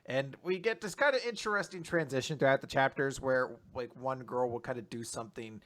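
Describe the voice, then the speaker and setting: A man hosting a podcast, recapping comic chapters in loose, animated casual chat with lots of fillers and the odd swear word. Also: mid-range voice. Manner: loose, animated retelling with quick voices. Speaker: podcast host.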